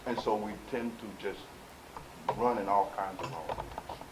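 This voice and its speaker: A man teaching as a spiritual leader before a live audience, emphatic, swinging from quiet asides to loud exhortation and speaking straight to his listeners. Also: lowish voice, moderate pace. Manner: conversational, addresses listeners directly. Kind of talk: preaching lecture with audience questions. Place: meeting room with live audience. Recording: echoey room, faint hiss.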